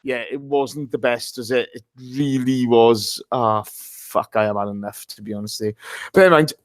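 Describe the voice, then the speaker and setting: A man's voice: medium pitch, normal speed. An English man hosting a casual football podcast, chatty and jokey, swearing freely. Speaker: podcast host.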